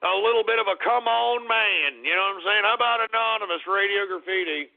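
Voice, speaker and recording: A man hosting a call-in radio show, ranting loudly and profanely while drinking. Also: high voice, a little fast, gravelly. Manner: loud, profane, insulting rants. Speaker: radio host. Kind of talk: rowdy call-in radio rant. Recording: lo-fi phone-like radio stream.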